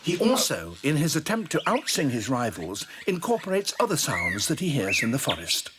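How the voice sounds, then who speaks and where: A man giving calm, measured nature documentary narration. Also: medium pitch, noisy background.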